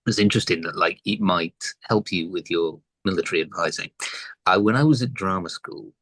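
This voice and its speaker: English podcast host guy, lowish voice, chatty and laughs easy, dry sound. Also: fairly quick, fairly bright tone, no echo, poor audio. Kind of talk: casual interview chat.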